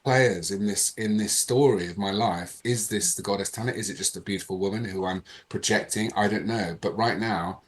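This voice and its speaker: A man, a podcast guest, telling a personal story in a lively, animated way. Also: fairly low pitch, moderate pace, hardly any pauses. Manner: animated, reenacts dialogue in changing voices. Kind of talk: casual storytelling.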